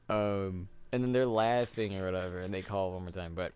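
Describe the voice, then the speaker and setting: Low-voiced rambling gaming host. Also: male voice, measured pace, darkish tone, slight background noise. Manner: rambling, many fillers, laughs often. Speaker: let's play host. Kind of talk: casual gameplay commentary.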